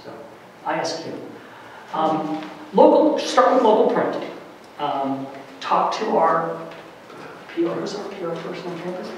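A middle-aged man giving a lively workshop lecture to faculty, varying his loudness for emphasis, with many fillers. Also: on the high side, measured pace, long pauses, slight background noise. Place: large lecture room. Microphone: distant room mic. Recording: very echoey hall from far off.

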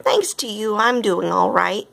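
A woman's voice: mid-range voice, big pitch swings, measured pace, vocal fry, fairly bright tone, full character voice. A woman voicing an elderly, grateful lady, fond and a little fretful, in a read-aloud storybook.

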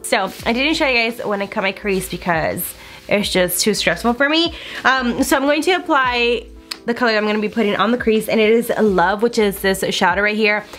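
A young woman beauty vlogger chatting through a get-ready-with-me makeup video, telling a story in a lively, animated way with lots of "like" and "girl". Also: mid-range voice, moderate pace, faint music behind.

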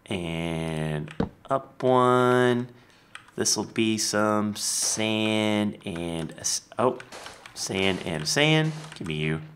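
A man casually commenting on his building as he plays a game, chatty and lively. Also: fairly low pitch, drawn-out words, a little hiss or hum. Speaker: Minecraft let's player.

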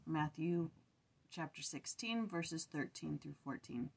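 A tired young woman with a fairly low voice reads scripture aloud at home. She drifts into chatty reflection, trips over words and corrects herself as she goes. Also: a little slow. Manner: chatty, tired, restarts and fillers while reading aloud. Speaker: scripture study vlogger. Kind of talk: casual scripture reading and reflection. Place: home room.

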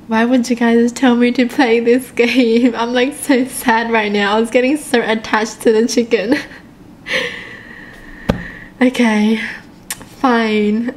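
A woman hosting a let's-play video, giggly and excitable, laughing often as she comments. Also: on the high side, slight background noise. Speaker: gaming video host.

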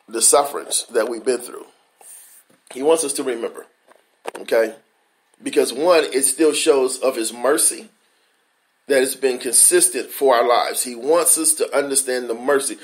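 A male pastor giving a conversational devotional sermon, repeating phrases, asking rhetorical questions and slowing down for emphasis. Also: mid-range voice. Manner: conversational preaching with frequent repetition and rhetorical questions; slows down for emphasis, acts out quoted inner voices.

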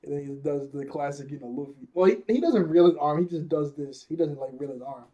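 Husky young man recapping an episode. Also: on the high side, a little fast, mellow. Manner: rambling, laughing often, many restarts. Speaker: anime reviewer.

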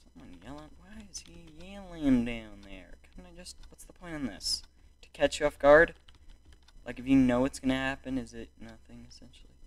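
A young man giving excitable, exclamatory commentary while playing a video game. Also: mid-range voice, moderate pace. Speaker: gaming YouTuber. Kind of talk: gameplay commentary.

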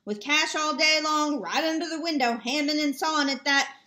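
A woman's voice: sits high, moderate pace, sharp tone. Woman voicing a harsh, savage young man. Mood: angry. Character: harsh, angry young farm son. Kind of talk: amateur audiobook reading.

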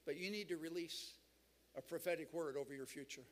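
A man's voice: a little high, a little fast, a bit bright. A man preaching a sermon at a church seminar, emphatic and rousing the crowd. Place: large church hall.

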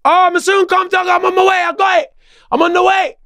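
A man voicing his laid-back male friend, who keeps promising in a high, breezy voice that he is on his way. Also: flat delivery, fairly quick, vocal fry, sharp tone, dry recording, clean studio sound, heavily acted.

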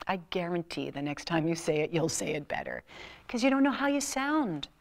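Lady motivational speaker in a lecture room, slightly low voice, jumps way up and down for effect, playful. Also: normal speed, creaky. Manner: animated, playful, big swings in pitch and loudness. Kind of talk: live public speaking talk. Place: university lecture room before an audience. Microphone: room mic on a filmed talk.

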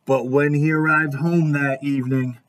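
A man reading a children's picture book aloud at story time, animated and asking his young listeners questions. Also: on the high side, normal speed, slight background noise. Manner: animated, asks questions to listeners, lots of hums.

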